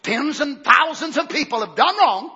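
A preacher delivers a sermon in a church, his very high, bright voice swinging widely in pitch and climbing into shouted peaks. He mixes folksy asides with fiery outbursts. The recording is dull and lo-fi, with a faint congregation behind him. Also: expressive, normal speed.

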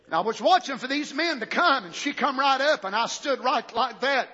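A man preaching a sermon, telling a story in folksy rural grammar and rising to shouted questions. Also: very high-pitched, lively intonation, normal speed, slightly rough. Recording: echoey hall, muffled old recording.

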